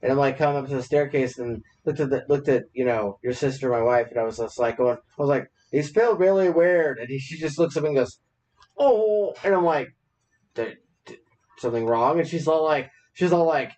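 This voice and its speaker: A man's voice: mid-range voice, a little fast, darkish tone, low-quality recording. Man rambling through a story. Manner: rambling storyteller, laughs at himself. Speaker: podcast co-host. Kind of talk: casual chat.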